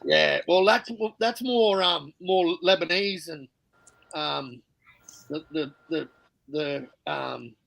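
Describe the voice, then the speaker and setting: A man's voice: a little high, vocal fry, a bit bright, no room sound, low-quality recording. A man with an Australian accent in casual chat, rambling and laid-back, swearing freely. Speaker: panel guest.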